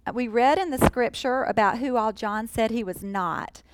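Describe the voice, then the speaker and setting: A woman's voice: fairly high pitch, poor audio. Earnest woman preaching a sermon. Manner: earnest, emphatic, slows for key phrases. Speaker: Bible teacher.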